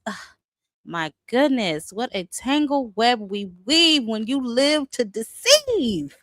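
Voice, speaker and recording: Woman, livestream host, sassy and dramatic, very lively pitch, dry close mic. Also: no room sound. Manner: sassy, dramatic, calls viewers honey and child. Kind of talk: casual livestream commentary.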